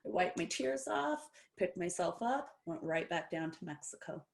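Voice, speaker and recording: A woman's voice: lowish voice, normal speed, creaky. A woman from Brazil, a professional wrestler and podcast guest, telling stories in casual talk and acting out what people said. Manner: animated, acts out quoted dialogue. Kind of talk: casual storytelling interview.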